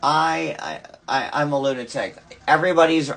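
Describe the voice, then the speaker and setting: Male streamer, furious profane rant, stammers, bright edgy tone, slow delivery. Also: a little high. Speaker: livestreamer. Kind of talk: angry ranting livestream. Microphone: phone.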